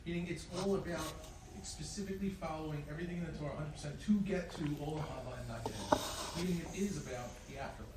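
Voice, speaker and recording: A man, a student in a class, pressing an objection quickly. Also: a little high, darkish tone, very echoey, distant mic, poor audio.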